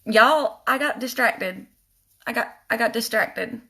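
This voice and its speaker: Bright, chatty woman doing a makeup livestream. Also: a little high, unhurried, slightly rough. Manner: chatty, goes off on laughing tangents; talks straight to viewers, addressing them as y'all. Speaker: makeup vlogger. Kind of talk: casual makeup tutorial livestream chat.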